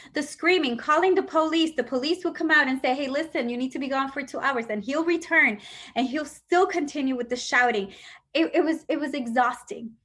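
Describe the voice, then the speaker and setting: A woman's voice: sits high, fairly bright tone. A middle-aged woman giving an emotional personal testimony, telling her story with emphatic quoted dialogue.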